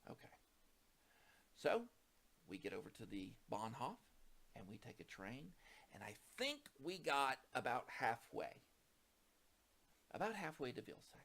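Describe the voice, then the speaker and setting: A man with a gravelly, creaky edge recounts a misadventure in casual storytelling. His pitch swings widely as he acts out the people in the story. He climbs high and loud at the tense moments. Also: unhurried, long pauses. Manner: animated, acts out quoted voices, rising to excited peaks.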